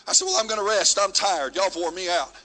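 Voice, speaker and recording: A man telling a missionary story in a sermon, folksy and animated, going from shouting to hushed. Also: high-pitched, a little fast, low-quality recording. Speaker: missionary preacher. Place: church sanctuary.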